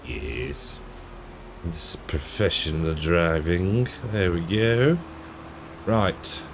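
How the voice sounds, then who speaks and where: A British man giving relaxed, self-mocking commentary while playing a farming game at his desk mic, with frequent ums and little laughs. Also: low voice, very slow, background noise. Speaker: gaming channel host. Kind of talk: casual gameplay commentary.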